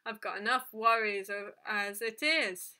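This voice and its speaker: A woman's voice: mid-range voice, fairly even intonation, unhurried, bright, forceful tone, clear, resonant tone. A woman doing a grumpy, snappish male innkeeper. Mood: grumpy, defensive. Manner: snappish and defensive. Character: grumpy, irritable middle-aged male innkeeper.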